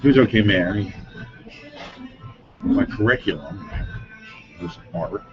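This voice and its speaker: A man's voice: on the low side, animated, a little slow. Rambling, chuckling middle-aged man. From Denver, Colorado. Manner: rambling, chuckles often, trails off mid-sentence. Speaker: interviewee. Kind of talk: rambling casual storytelling. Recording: dull lo-fi recording with music.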